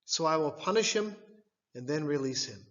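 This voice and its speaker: A man reading the part of a stern, weary Roman governor in a church scripture reading, his delivery measured and questioning. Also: fairly high pitch, expressive, fairly bright tone, big-room sound, highs cut off. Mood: insistent.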